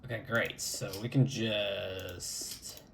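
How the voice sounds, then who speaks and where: A man's voice: on the low side, steady tone, creaky, fairly bright tone, a little hiss or hum. A man chatting casually as he records his screen and talks through an old computer setup. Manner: unhurried, chatty, mutters while clicking. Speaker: retro computing vlogger.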